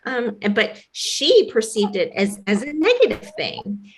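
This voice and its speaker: A woman's voice: a little high, wildly swooping pitch, measured pace, gravelly, slight background noise. A woman podcast host telling a personal story in a reflective, casual way with fillers. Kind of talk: conversational podcast chat.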